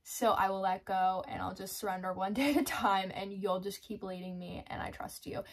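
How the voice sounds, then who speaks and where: A woman's voice: mid-range voice, fairly even intonation, moderate pace. Chatty woman sharing faith, laughing often. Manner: chatty, laughs often, acts out her own inner voice. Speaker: Christian devotional vlogger. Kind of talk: casual faith talk to camera.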